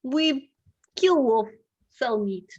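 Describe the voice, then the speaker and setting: A woman's voice: sits high, animated, drawn-out words, a little mellow, lo-fi sound, pitched above the performer's own voice, exaggerated voice. A woman voicing a stern, weathered, bald and bearded male hunter in a thick put-on Russian accent, speaking in broken, clipped English. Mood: gruff matter-of-fact.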